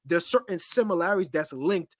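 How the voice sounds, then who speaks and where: High-voiced chatty man, dry sound. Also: animated, brisk, no room sound. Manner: talkative, repeats "you get what I'm saying". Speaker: podcast co-host. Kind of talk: casual debate chat.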